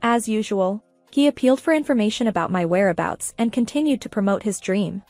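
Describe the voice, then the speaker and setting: A woman narrating a first-person revenge story in a steady, even manner. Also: mid-range voice, fairly quick, no room sound, soft background music.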